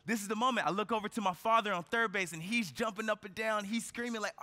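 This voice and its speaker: Male keynote speaker, high bright voice, storytelling style, lots of rhetorical questions. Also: quick pace. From United States. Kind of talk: motivational keynote speech. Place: large event hall on stage. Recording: reverberant conference hall.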